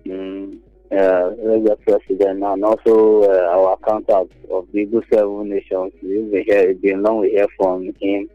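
A man's voice: lowish voice, little pitch movement, faint music behind. Nigerian man calling in on a dull phone line. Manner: halting, hesitant, mixes in pidgin. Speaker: caller. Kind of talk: casual phone-in chat. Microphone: telephone.

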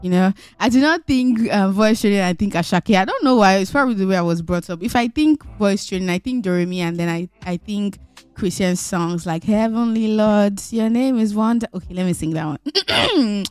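A young woman hosting a radio show, chatting with callers in an animated, teasing, jokey way. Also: mid-range voice, moderate pace, no echo, soft background music. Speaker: radio host. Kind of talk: playful radio chat. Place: radio studio.

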